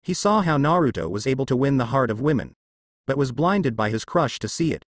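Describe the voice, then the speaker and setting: Man narrating fan fiction, steady reading, animated intonation, dry close recording. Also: medium pitch, fairly quick, dry recording.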